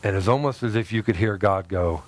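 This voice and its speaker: A middle-aged pastor with a lowish voice preaches quickly to his church. He tells a personal story in a folksy manner, with laughs and asides.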